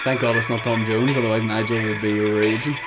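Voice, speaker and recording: A man's voice: fairly low pitch, little pitch movement, fairly quick, loud music behind the voice. A man co-hosting a comedy podcast, teasing and playful, laughing often. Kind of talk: improvised comedy bit.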